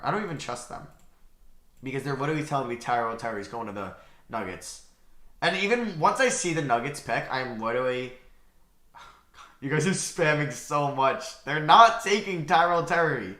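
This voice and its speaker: A young man hosts a live reaction stream, his voice bright and fairly high, bouncing with animated swings in pitch. He talks back to his chat excitably, jumping from near-shouts to low mutters, in a roomy, echoey space. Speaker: livestream host. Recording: roomy echo.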